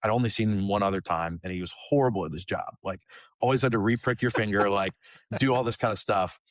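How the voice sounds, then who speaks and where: Low-voiced young man telling a story. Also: fast talker, no room sound. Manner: animated storyteller who acts out quoted dialogue; casual, with frequent fillers like "like" and "um". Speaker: kids ministry leader, podcast guest. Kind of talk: conversational storytelling.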